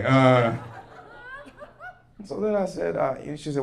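A man's voice: on the high side, animated, moderate pace, creaky, long pauses. A young man performing a stand-up comedy set in a club, telling a story and acting out both sides of the conversation. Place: comedy club stage before a live audience. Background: audience laughter.

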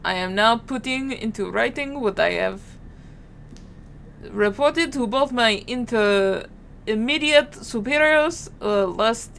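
A woman voicing a haunted male French soldier reading his formal report aloud in a mock French accent, in a stilted, halting way. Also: fairly high pitch, gravelly, fairly bright tone, slight background noise, heavily acted.

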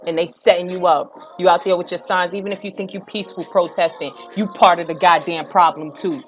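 A woman's voice: on the low side, steady tone, fairly quick, soft background music. A young woman, ranting straight at her audience in a blunt, profane way that climbs into heated outbursts. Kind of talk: impassioned direct-to-camera rant.

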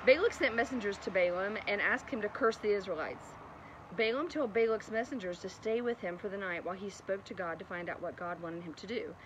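Over noisy outdoor traffic, a woman speaks fairly quickly in a slightly bright, mid-range voice. She tells a bedtime Bible story in a chatty style, often breaking into laughing asides.

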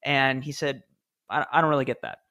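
A man's voice: medium pitch, steady tone, brisk, sharp tone. A man in his thirties, a podcast guest, telling stories in a chatty, easygoing way with fillers and small laughs. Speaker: podcast guest, former speechwriter. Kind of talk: casual interview storytelling.

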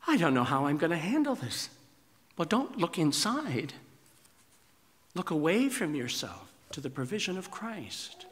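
A man preaching a sermon as pastor, emphatic, his voice climbing high on rhetorical questions. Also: fairly bright tone. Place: church sanctuary. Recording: reverberant church sanctuary.

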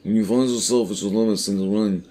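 A man putting on a big, booming voice for a giant wrestler spirit in a video game. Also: steady tone, fast, warm tone, a little hiss or hum, close to an everyday voice. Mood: grand.

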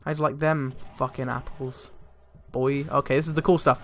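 A young man giving casual, excitable gameplay commentary, swearing a lot and laughing often. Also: fairly high pitch, normal speed. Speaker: let's play gamer. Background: faint game music.

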